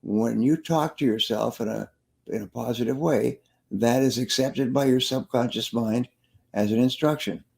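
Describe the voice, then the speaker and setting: Man, motivational sales speaker, gravelly voice, emphatic, repeats lines, telling stories in an interview. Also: medium pitch, moderate pace, darkish tone. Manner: emphatic, repeats key phrases. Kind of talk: interview storytelling.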